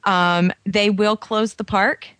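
A woman co-hosts a call-in radio show, passing along information in a chatty way, thick with fillers. Her mid-pitched voice sounds dry and close to the mic. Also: steady tone, takes it slowly, a bit bright, no room sound. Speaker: radio co-host. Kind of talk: casual call-in radio chat.

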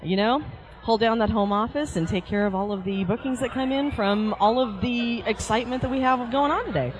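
A woman's voice: a little high, fairly quick, low-quality recording. A woman on a headset joining a radio show, upbeat and teasing in casual chat. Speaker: guest on headset.

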